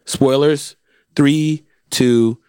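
A man with a raspy voice co-hosting a podcast in casual, teasing chat. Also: mid-range voice, fairly even intonation, extremely slow, very noisy. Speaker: podcast co-host.

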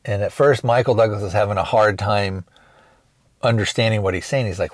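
A man with a fairly low voice talks through a film review on his podcast. He rambles casually, retelling each scene and dropping into quick quoted lines. The sound is dry and close, with no room around it. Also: fairly even intonation, no room sound. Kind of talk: casual spoken film recap.

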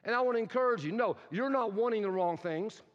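Animated male pastor preaching in a hall. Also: high voice, fast. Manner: animated preaching, acts out quotes. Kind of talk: sermon. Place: church sanctuary. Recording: dull sound in a hall with long reverb.

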